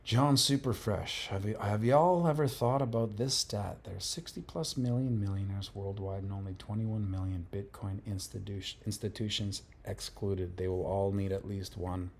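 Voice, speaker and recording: A man hosting a livestream, reading viewer comments in a relaxed, rambling casual chat. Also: lowish voice, moderate pace, gravelly, few pauses. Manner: relaxed, rambling, laughs often. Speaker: livestream host.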